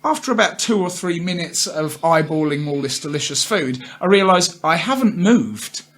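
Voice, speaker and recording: A man from Ireland co-hosting a casual podcast, his voice pitched high for a man. He tells an anecdote with animated energy, slipping into voices for the people he quotes. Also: moderate pace. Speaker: podcast co-host. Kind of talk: casual chat, storytelling.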